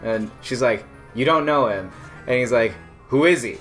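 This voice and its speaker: Over soft background music, a young man recounts a personal story in a medium-pitched, fairly bright voice with lively intonation and normal speed. His telling is casual and rambling, heavy on fillers, and he laughs throughout.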